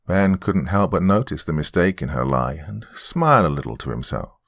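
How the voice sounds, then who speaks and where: Super low creaky guy reading a spooky story, animated delivery. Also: moderate pace, few pauses, dry recording, clean studio sound. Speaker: host and narrator. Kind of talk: horror story narration.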